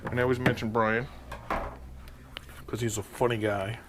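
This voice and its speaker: A man's voice: mid-range voice, flat delivery, normal speed, a loud crowd. A man hosting a home cooking video, demonstrating a recipe in a jokey, hammy, rambling way.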